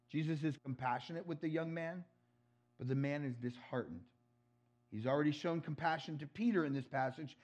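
A man preaching a sermon as pastor, swinging from loud emphatic quotes to hushed, low asides.

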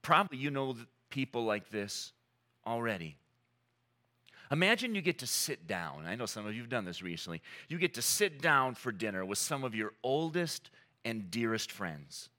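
A man preaching a sermon, earnest and emphatic, with dramatic pauses and repeated phrases. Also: medium pitch, big pitch swings, sharp tone. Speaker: pastor.

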